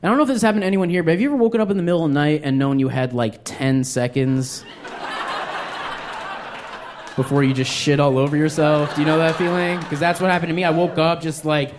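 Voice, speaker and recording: A man in his thirties telling a self-deprecating story on stage, breaking into high, acted-out quotes. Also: quick pace, hardly any pauses, background noise. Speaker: stand-up comedian. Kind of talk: stand-up storytelling. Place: comedy stage before a live audience.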